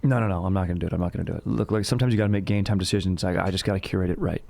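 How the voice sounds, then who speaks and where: A man with a somewhat low voice hosts a casual history podcast. He talks like a laid-back bro, rambles into jokey asides and keeps dropping "dude.". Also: fairly even intonation, racing, vocal fry, dark tone. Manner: slangy bro talk, says "dude" constantly. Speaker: podcast host. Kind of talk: casual comedic history chat.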